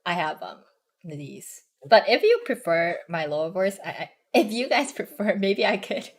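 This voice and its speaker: Hoarse young woman chatting, halting. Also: fairly low pitch, sing-song. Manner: halting, many restarts and ums, self-conscious. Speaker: streamer. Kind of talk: casual chat stream.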